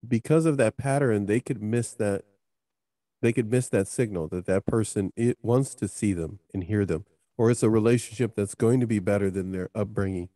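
A man hosting a podcast, asking slow, halting questions with many fillers. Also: lowish voice, warm tone, no echo, studio quality. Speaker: podcast host. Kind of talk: podcast interview.

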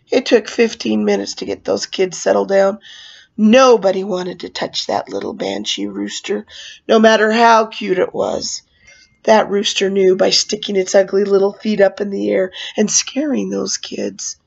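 A woman, a clown magician, telling a story from her shows in an animated, expressive way. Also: mid-range voice, a little slow, vocal fry. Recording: dull lo-fi recording.

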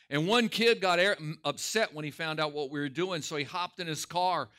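Bright, emphatic male preacher. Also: fairly high pitch, fairly quick, few pauses, clean tone. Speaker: pastor teaching Sunday school. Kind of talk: sermon.

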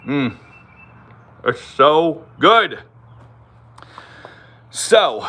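Californian man in his thirties, livestream host, animated and bright, drifts and jokes at his own expense. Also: mid-range voice, normal speed, pauses often. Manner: rambling and self-mocking, reads viewer comments aloud. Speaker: channel host. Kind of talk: casual livestream chat. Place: home, moves about the property. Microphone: phone.

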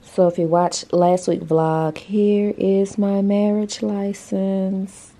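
A woman's voice: mid-range voice, little pitch movement, slow pace, mellow. A woman hosting her own vlog, chatting casually and informally to the camera as she goes about her day. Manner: chatty, informal, Southern-style slang. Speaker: vlog host.

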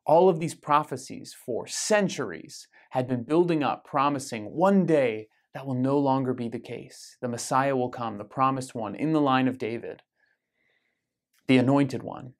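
A man's voice: mid-range voice, moderate pace. An American man leading a weekly parish Bible study, explaining scripture in a conversational way with frequent ums and self-corrections. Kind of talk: casual Bible study teaching.

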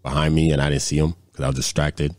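A man's voice: very deep voice, little pitch movement, fast, darkish tone, no echo, studio quality. A man co-hosting a podcast, telling profane, rambling anecdotes in casual chat full of repeated fillers. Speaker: podcast co-host.

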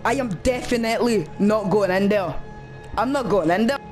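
A man's voice: high-pitched, moderate pace, faint music behind. A man commentating on a horror game as he plays, talking to himself in a nervous, frightened way. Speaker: gaming channel host.

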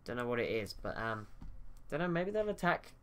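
Casting: man, mid-pitched and clear, casual game commentary, hesitant restarts, desk mic at home. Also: sing-song, normal speed, a bit bright. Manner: thinking aloud, hesitant with restarts. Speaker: gaming YouTuber.

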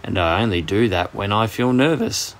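A man with an Australian accent voicing an embarrassed, grumpy male dragon for a bedtime storybook, speaking slowly in a raised voice. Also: expressive, slight background noise, close to an everyday voice. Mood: cross. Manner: slow, sulky, higher-pitched drawl.

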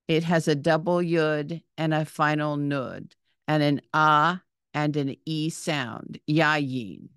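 A woman's voice: deep voice, clean tone, dry recording, clean studio sound. A woman giving a patient reading lesson, saying each word, spelling out its letters and vowel sounds, then repeating it. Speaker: Hebrew reading teacher.

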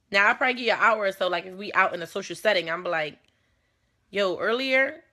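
Blunt, profane young woman hosting. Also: medium pitch. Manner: blunt, animated, profane and confrontational. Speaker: talk show host. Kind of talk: casual unscripted talk show monologue.

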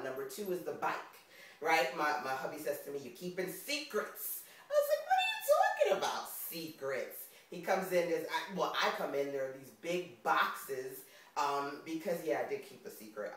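A woman's voice: very deep voice, recorded from a distance. Chatty New York woman, echoey room. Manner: chatty and expressive, laughing often. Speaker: vlogger. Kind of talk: casual motivational vlog talk. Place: indoors on camera.

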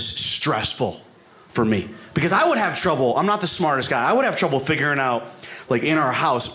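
A man's voice: mid-range voice, a bit bright. A man doing a rambling, self-deprecating stand-up routine on a comedy club stage, speaking into a handheld mic. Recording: live comedy set with room noise.

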